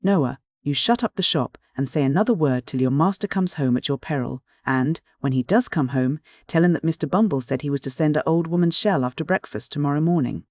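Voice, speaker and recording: A man's voice: fairly high pitch, a little fast, hardly any pauses, dry recording, clean studio sound, natural voice. A man reading an audiobook voices a pompous, self-important parish beadle who scolds and blusters sternly. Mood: indignant.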